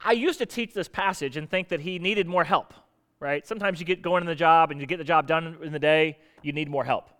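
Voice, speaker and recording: A high-pitched male pastor delivers a sermon in a casual, conversational way, constantly quizzing his listeners with questions. His voice rings out in a large church hall with a long, lingering reverb. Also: a little fast, fairly bright tone. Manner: conversational, asks the audience questions. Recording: echoey hall.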